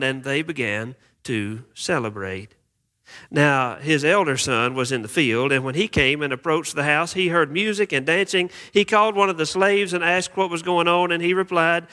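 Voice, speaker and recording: A male pastor reading scripture and preaching an earnest sermon, emphatic, with dramatic slowdowns. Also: fairly high pitch, bright, forceful tone.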